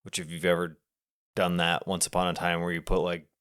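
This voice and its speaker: A young man co-hosting a casual movie podcast, describing shots in long, relaxed run-on sentences. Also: sits low, fairly quick, clean tone. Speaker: podcast co-host. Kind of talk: casual movie review chat.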